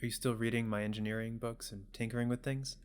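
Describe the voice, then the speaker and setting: A man voicing a gentle, tired father speaking softly and tenderly to his daughter. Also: mid-range voice, little pitch movement, quick pace, slight background noise, close to an everyday voice. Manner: soft, quiet, tender.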